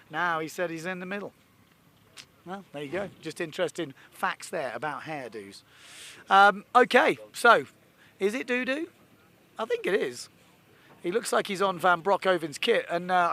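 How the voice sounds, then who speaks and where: A man giving jokey, excitable live commentary from a boat on a lake. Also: on the high side. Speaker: sports commentator.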